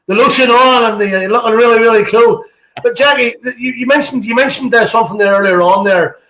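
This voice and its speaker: Northern Irish male interviewer, high voice, rambling chatty questions, roomy echo. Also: brisk, a bit bright. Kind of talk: casual interview chat.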